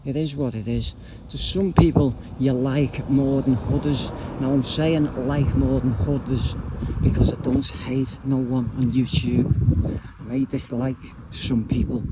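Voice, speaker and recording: A man rambling bluntly in slangy casual talk, vlogging while out on a walk. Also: medium pitch. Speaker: YouTuber. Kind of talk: casual vlog rant while walking. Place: outdoors on a street. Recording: street noise with traffic.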